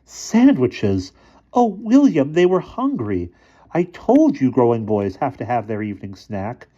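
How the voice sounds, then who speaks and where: A man's voice: medium pitch, huge pitch swings, a little slow, mellow, muffled recording, pitched above the performer's own voice. A man reading aloud, voicing a kindly, fussing, motherly older woman with a raised voice.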